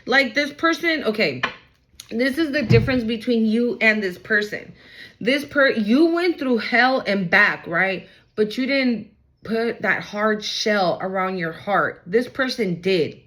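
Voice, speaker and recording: A woman's voice: on the high side, lively intonation, measured pace, fairly bright tone, poor audio. A woman giving a casual tarot reading, talking straight to viewers in a blunt, hyped way and swearing freely. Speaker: tarot card reader.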